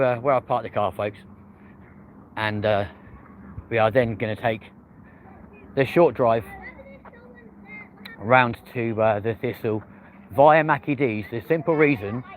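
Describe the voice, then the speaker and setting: Guy in his 30s doing live plane spotting, chatty and hyped, loud street noise behind. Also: medium pitch, poor audio. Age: early 30s. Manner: chatty, excitable, greets chat viewers by name. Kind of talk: live commentary and chat with viewers. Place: outdoors near a busy airport and street. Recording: outdoor stream with loud traffic and urban noise.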